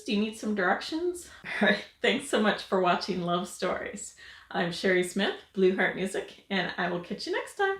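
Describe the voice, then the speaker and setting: A woman's voice: medium pitch, sing-song, moderate pace, gravelly, a bit bright. Chatty woman vlog host in a roomy room. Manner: chatty, rambling, frequent fillers and laughs. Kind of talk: casual advice chat to camera. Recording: roomy echo.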